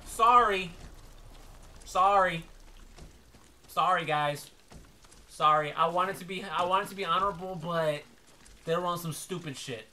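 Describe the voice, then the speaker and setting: A man doing let's play commentary, loud and profane, yelling at the game as he plays. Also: high-pitched, unhurried, pauses often, slight background noise. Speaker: gaming streamer.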